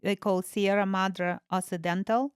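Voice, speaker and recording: A woman's voice: medium pitch, steady tone, unhurried, clear, resonant tone, no echo, clean studio sound. A woman guest in a casual interview who searches for words, with many fillers. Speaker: guest artist.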